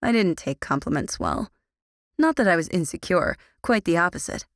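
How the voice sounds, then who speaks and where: A woman reads a first-person audiobook with a wry, understated delivery. Her voice sits low, and the recording is close and dry with no room sound. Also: lively intonation, moderate pace, dry recording. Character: wry, guarded teenage girl narrator. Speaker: audiobook narrator.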